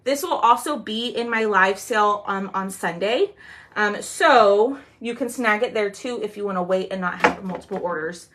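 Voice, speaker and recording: A woman's voice: medium pitch, fairly bright tone, slight background noise. A woman chatting casually with viewers while she demonstrates a craft during a live sale, with lots of "um"s and "y'all"s. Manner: chatty, drawn-out "y'all", many "um"s. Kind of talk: casual livestream chat.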